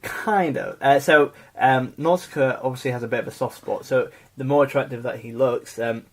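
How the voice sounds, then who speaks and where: Husky, rambling podcast co-host. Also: male voice, mid-range voice, steady tone, normal speed. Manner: rambling, many fillers and restarts. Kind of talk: casual chat.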